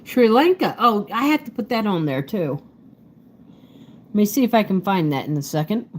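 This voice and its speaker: A woman's voice: mid-range voice, expressive, normal speed, a little mellow, slight background noise. A woman chatting casually on a live stream from her home, muttering to herself as she searches a map, talking into a handheld phone. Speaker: livestreamer. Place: at home, indoors.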